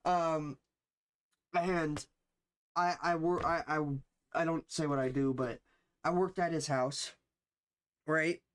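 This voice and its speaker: A man's voice: a little high, steady tone, takes it slowly, pauses often, a bit bright, clear, resonant tone. Rambling young man streamer. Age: young adult. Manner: rambling, slangy, swears a lot, many fillers. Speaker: livestreamer. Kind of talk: casual livestream chat.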